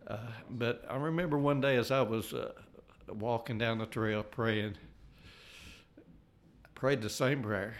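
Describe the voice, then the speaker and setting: An older man giving an earnest personal testimony, halting and restarting as he talks. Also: mid-range voice. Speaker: layman giving a faith testimony.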